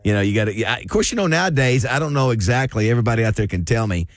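A man's voice: medium pitch, expressive, rapid-fire, no room sound, clean studio sound. A man hosting casual radio chat, rambling through stories with many fillers and restarts. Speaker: radio show host.

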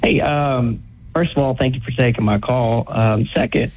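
A man's voice: mid-range voice, normal speed. A man calling in to a sports radio show, polite and hesitant with "um"s. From Northeast Tennessee. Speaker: caller. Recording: phone line.

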